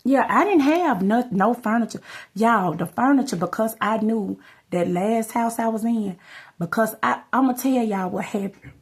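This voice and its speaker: A woman's voice: fairly high pitch, normal speed, slightly rough. A woman, talking straight to her viewers in a rambling, casual storytelling vlog. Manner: rambling, addresses viewers as y'all. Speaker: vlogger.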